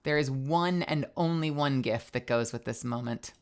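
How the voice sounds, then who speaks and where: A woman's voice: a bass voice, normal speed, darkish tone. Muttering, cursing woman streamer. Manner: muttering asides, swears a lot. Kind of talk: casual live-stream chat.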